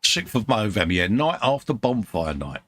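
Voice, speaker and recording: A man's voice: lowish voice, sing-song, normal speed, a bit bright, a little hiss or hum. A man from the UK co-hosting a live stream, reading out chat messages in a chummy way and calling everyone mate. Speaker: co-host of a live model-building stream.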